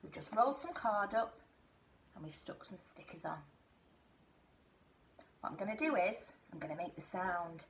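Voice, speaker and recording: A woman teaching a phonics lesson to small children, talking in a slow, exaggerated, sing-song way. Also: on the low side, animated, slight background noise. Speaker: nursery teacher.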